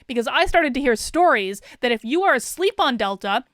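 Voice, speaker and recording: Woman commentator, 30s, fired-up and insistent, high clear voice, close dry sound. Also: expressive, brisk, a bit bright, no room sound. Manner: indignant, emphatic, repeats words for stress. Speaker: commentary vlogger. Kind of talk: opinion commentary reading a passenger account.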